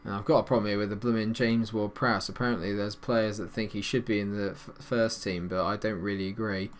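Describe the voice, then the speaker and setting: A man giving casual, chatty commentary over a football management game, calling plays and getting excited at goals. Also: on the low side, a little fast, slight background noise. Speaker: gaming YouTuber.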